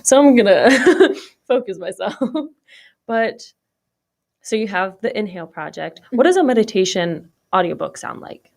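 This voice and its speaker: A woman interviewing a guest in casual chat, relaxed, with short affirming replies. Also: medium pitch, normal speed, gravelly.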